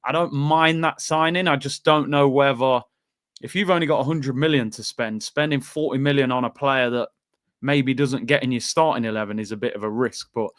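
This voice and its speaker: A man's voice: medium pitch, fairly quick, fairly bright tone, dry recording, studio quality. A man hosting a casual football chat, venting in exasperated rhetorical questions. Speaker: podcast host.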